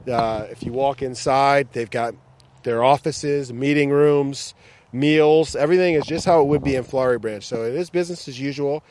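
A man's voice: mid-range voice, moderate pace, a little mellow, slight background noise. An American man hosting a casual sports podcast outdoors, upbeat and joking, with many fillers. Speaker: podcast host. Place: outdoors at a training ground.

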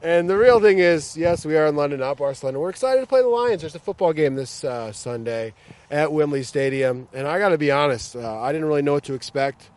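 A man's voice: fairly high pitch, expressive, brisk, darkish tone. An American man hosting a casual sports podcast outdoors, upbeat and joking, with many fillers. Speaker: podcast host. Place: outdoors at a training ground.

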